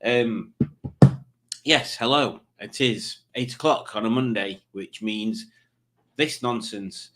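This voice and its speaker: A man's voice: lowish voice, slow pace, a bit bright, a little hiss or hum. A man hosting a casual live quiz stream, rambling along with jokey, self-mocking asides. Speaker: quiz show host.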